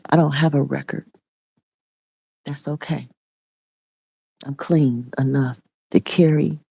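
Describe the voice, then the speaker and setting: A woman's voice: rumbling low, vocal fry, warm tone, slightly rough, no room sound. A middle-aged woman and online preacher giving an impassioned spoken testimony in a repetitive, raw preaching cadence.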